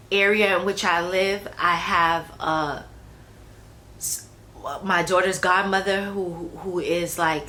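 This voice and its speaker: A young adult vlogger chats casually about her own pregnancy, using fillers and restarts. Her mid-range voice sounds bright and forceful, and the rough recording carries faint background noise.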